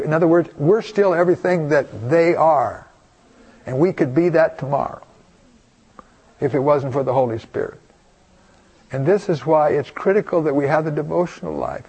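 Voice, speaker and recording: A man's voice: on the high side, a little mellow, husky. An older man preaching a folksy, rambling storytelling sermon, full of asides and restarts.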